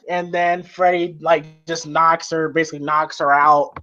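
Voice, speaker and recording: A man's voice: a little high, moderate pace, bright, forceful tone. Rambling male movie-review host. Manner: rambling with many fillers and restarts, laughs often. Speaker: podcast host. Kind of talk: casual movie review chat. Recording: dull lo-fi with faint hiss.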